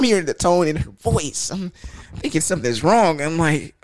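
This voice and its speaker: Animated young man telling a profane story. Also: sits high, a little slow. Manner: animated, loose and profane, acts out quoted voices. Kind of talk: casual storytelling to camera.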